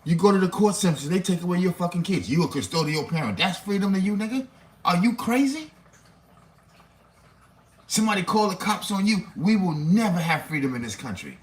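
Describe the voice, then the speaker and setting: A man's voice: high-pitched, animated, a little fast. A man, delivering a profane, preachy rant full of rhetorical questions. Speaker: commentator. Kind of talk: ranting monologue.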